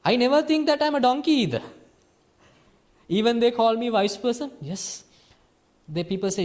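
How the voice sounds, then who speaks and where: This is a Sri man, a Buddhist monk, speaking in a high, light voice. He teaches a small group in a lively, playful way. His delivery swings between quiet, soft phrasing and sudden emphatic rises. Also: normal speed, pauses often. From Sri Lanka. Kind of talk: dharma talk to a small group.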